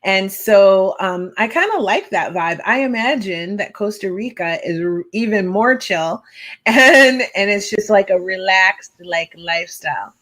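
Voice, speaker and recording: A woman's voice: mid-range voice, animated, measured pace, fairly bright tone. A woman hosting a podcast, chatting casually and encouragingly with her guest. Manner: encouraging, affectionate. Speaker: podcast host. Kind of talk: casual interview chat.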